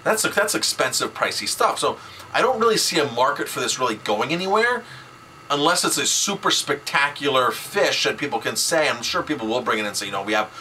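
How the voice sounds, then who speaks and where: A man's voice: medium pitch, big pitch swings, brisk, sharp tone, a little hiss or hum, poor audio. A man, a chef, talking casually on his video blog, emphatic and repeating words for stress. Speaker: chef and food advocate.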